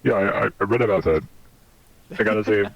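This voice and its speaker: A male podcast host with a somewhat low voice who talks quickly. He asks eager questions in a loose, casual way and uses plenty of filler words. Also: creaky, no room sound, highs cut off. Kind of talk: casual interview chat.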